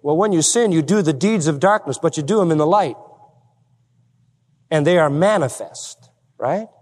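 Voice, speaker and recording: Male preacher, high and lively voice, emphatic sermon delivery, long hall reverb. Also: moderate pace. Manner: emphatic, with rhetorical questions to the congregation.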